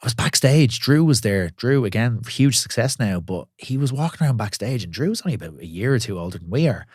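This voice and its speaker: A man who is a guest on a podcast, talking candidly in quick bursts with lots of swearing and restarts. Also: medium pitch, lively intonation, a little mellow, breathy edge, no room sound, studio quality. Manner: swears freely, tells stories in quick bursts with many restarts. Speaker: podcast guest, pro wrestler and gym owner. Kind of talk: candid casual podcast chat.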